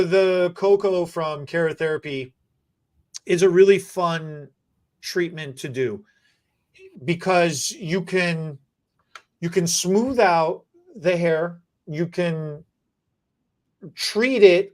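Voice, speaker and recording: A podcast host in casual chat, joking and rambling, often restarting sentences. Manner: animated, joking, rambling with restarts and repeated words; mock infomercial pitch. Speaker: podcast host and stylist educator.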